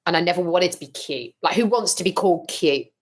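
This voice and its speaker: A woman talking as a podcast guest, telling her story frankly and with lively, blunt humour. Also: on the low side, quick pace. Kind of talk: casual interview chat.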